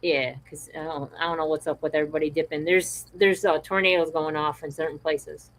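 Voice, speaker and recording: A woman's voice: sits low, steady tone, brisk, rough recording. A woman hosting a podcast, giving earnest, encouraging advice about positivity. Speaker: podcast host. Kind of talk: motivational podcast talk.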